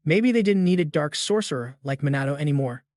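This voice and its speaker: A man giving a steady, scripted narration of a story recap. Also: on the high side, brisk, dry recording, clean studio sound.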